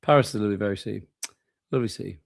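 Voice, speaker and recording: A tired co-host of a late-night football watchalong stream jokes and swears casually in laid-back live match chat. His fairly low voice has vocal fry and moves very fast, recorded with clean studio sound and no room echo.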